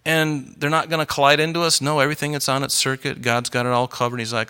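A middle-aged man preaching a sermon in an earnest, conversational storytelling way, growing animated as he goes. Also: mid-range voice, quick pace, hardly any pauses, clean tone. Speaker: pastor.

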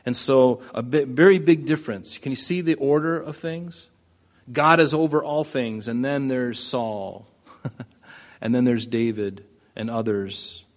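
In a measured, mid-range voice, this pastor keeps his sermon conversational and draws the congregation in with questions.

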